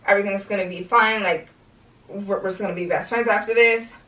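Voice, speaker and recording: A woman's voice: mid-range voice, a little fast, far from the mic. A young woman vlogger candidly retelling a painful story with lots of "like" and "you know". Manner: candid, animated retelling with many fillers. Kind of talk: personal storytelling vlog. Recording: roomy sound, mic set back.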